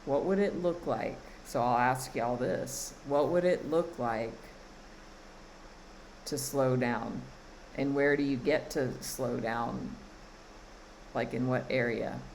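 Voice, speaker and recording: A woman's voice: very deep voice, slow, long pauses, a little mellow, a little hiss or hum, poor audio. A woman coaching her listeners on a live stream, speaking in an emphatic way, repeating phrases and often laughing. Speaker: spiritual coach and card reader. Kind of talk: live-streamed spiritual guidance.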